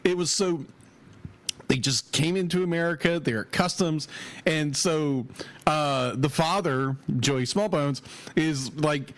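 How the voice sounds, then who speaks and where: A man's voice: on the high side, slow, a bit bright. A man co-hosting a podcast, recounting a movie in a rambling, enthusiastic way with frequent restarts. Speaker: podcast co-host. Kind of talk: casual chat.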